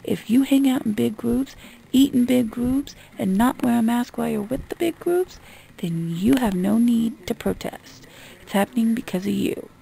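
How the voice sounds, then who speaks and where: A woman's voice: on the high side, lively intonation, normal speed, creaky, dark tone, a little hiss or hum. A woman vlogger in a casual, exasperated rant, talking bluntly and swearing freely. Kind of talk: casual ranting monologue.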